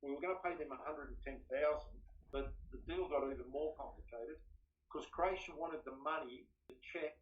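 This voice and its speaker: A man's voice: on the high side, moderate pace. A middle-aged Australian man in a casual interview, animatedly telling stories and acting out the dialogue. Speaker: interview guest, former footballer and club executive. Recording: dull lo-fi sound.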